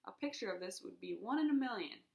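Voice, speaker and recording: A kind, steady nature guide in a children's storybook, read by a woman. He talks calmly and soothingly, with a gravelly texture, in an echoey room. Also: medium pitch, fast, muffled recording. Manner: calm and soothing. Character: calm, kind adult male nature guide.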